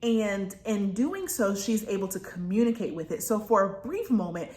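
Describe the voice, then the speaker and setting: A woman's voice: medium pitch, expressive, moderate pace, a little mellow. Female book reviewer, casual and chatty, rambling delivery, mid-range voice, roomy echo. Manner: rambling and chatty, with many fillers and asides.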